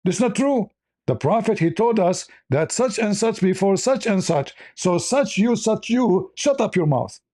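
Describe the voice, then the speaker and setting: A man voicing an angry early male follower who shouts at his companions in a mocking, high-pitched squeal. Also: animated, moderate pace.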